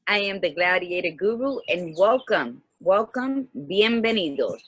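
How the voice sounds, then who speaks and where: Bright-voiced woman in her fifties chatting. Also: on the low side, a little slow, dry recording. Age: 50s. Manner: lively, laughing, sprinkles Spanish greetings. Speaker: co-host, life coach. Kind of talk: casual livestream chat. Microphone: video call.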